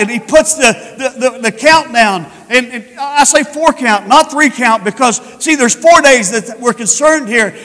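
A man preaches with a high, bright, ringing voice that swells into shouts and stretched-out words. His sermon rolls through a church sanctuary with a long hall reverb trailing every phrase. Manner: fervent, rising to shouts, drawn-out emphasis. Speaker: pastor.

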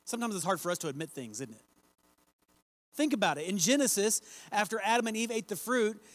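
Man, preacher, high voice, earnest sermon, slows to stress points, dry close sound. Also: expressive, a bit bright, no echo. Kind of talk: sermon with scripture reading.

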